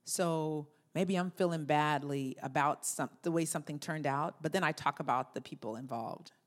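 Woman pastor, sermon delivery, slightly low voice, animated, acts out voices, call-and-response. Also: moderate pace.

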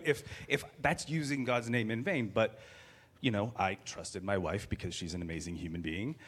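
A man in his thirties shares a personal story as a guest in a candid, animated way. His voice sits a little low, and he pokes gentle fun at himself. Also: moderate pace, husky.

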